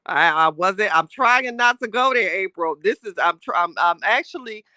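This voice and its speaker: A woman's voice: medium pitch, brisk, hardly any pauses, no echo, studio quality. A woman hosting a casual livestream, reading chat and talking with sass, laughing often. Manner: sassy, animated, laughing often, Southern Black American slang.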